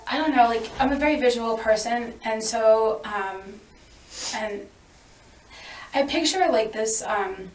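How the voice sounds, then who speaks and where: A woman podcast host thinking aloud in a reflective, searching way. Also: fairly high pitch. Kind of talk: reflective conversation. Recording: roomy, distant mic.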